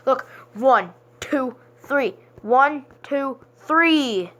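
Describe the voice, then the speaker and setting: A young woman playing a game and chatting casually to her viewers, playful, sometimes singing with deliberate voice cracks. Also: on the high side, animated, fairly bright tone. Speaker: gaming vlogger. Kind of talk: casual gaming commentary.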